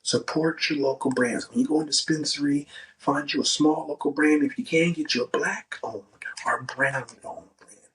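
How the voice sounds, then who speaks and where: A man's voice: fairly high pitch, steady tone, normal speed, fairly bright tone, recorded from a distance, rough recording. A man hosting a podcast in a casual, profane, emphatic monologue, often tagging "right?". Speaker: podcast host.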